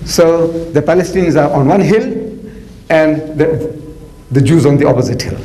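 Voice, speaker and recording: A man's voice: a little high, a little mellow, poor audio. A man in his seventies with a South African accent, preaching in a colloquial, theatrical storytelling style, sprinkling in "man" and "you know". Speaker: Islamic preacher. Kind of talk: animated storytelling lecture.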